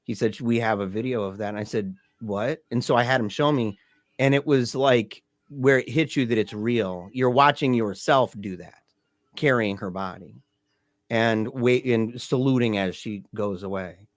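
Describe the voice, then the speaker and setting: A middle-aged man telling a personal story as a podcast guest, in a halting, conversational way with restarts and soft laughs. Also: medium pitch, dry recording, clean studio sound.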